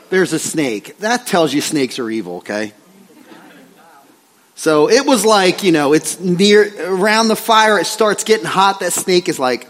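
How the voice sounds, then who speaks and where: Lively high-voiced male pastor, reverberant hall. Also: measured pace. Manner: animated, joking, questions the congregation. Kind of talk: sermon.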